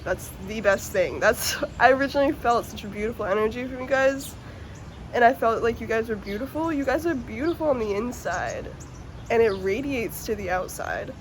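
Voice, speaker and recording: A woman's voice: a little high, expressive, normal speed, slight background noise. A woman giving a casual, emotional tarot reading to her viewers, earnest and swearing now and then, at times close to tears. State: tearful at times. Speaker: tarot reader.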